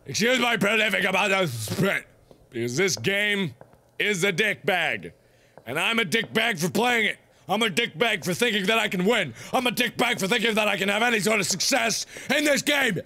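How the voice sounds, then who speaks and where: A man in his twenties hosting a gaming video, loud and goofy, ranting and rambling between frustrated outbursts. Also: high voice, animated, moderate pace. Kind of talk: let's play commentary.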